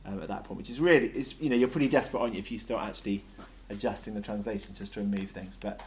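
A man leading an interactive Bible study, lively and jokey, asking the group questions. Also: fairly low pitch, rapid-fire.

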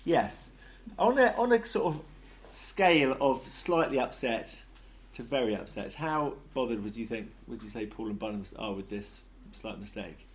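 A man leading an interactive Bible study, lively and jokey, asking the group questions. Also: mid-range voice, moderate pace, hardly any pauses.

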